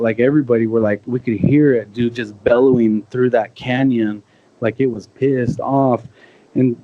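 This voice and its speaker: A man in his thirties telling his own story as a podcast guest in a casual, excited way, full of "bro" and "like". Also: mid-range voice, dull audio. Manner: excited, conversational, peppered with "bro" and "like".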